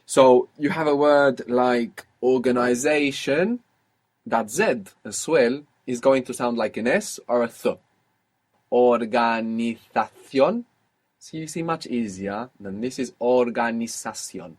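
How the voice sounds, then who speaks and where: A man's voice: mid-range voice, a little slow, a little mellow. A man teaching a language lesson, explaining patiently with frequent fillers.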